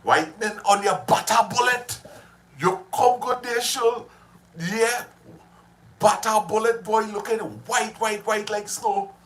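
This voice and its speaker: A man's voice: high-pitched, fairly even intonation, takes it slowly, a bit bright. A man hosting a casual livestream, chatty and reminiscing, laughing often as he talks with viewers. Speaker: livestream host.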